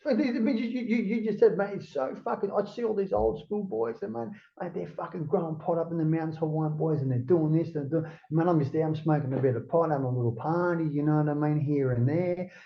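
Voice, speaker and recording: A man's voice: a little high, brisk, gravelly, few pauses, dull audio. An Australian man, a guest in a casual interview, rambling and swearing freely, with "mate" in nearly every line.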